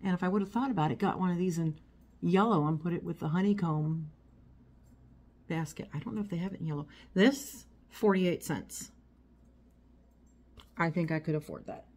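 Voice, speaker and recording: Chatty woman unboxing, slightly low voice. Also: normal speed, long pauses, a little mellow. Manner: chatty, rambling, talks while handling items. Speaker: vlogger. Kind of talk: casual unboxing haul chat. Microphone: phone. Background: crinkling packaging.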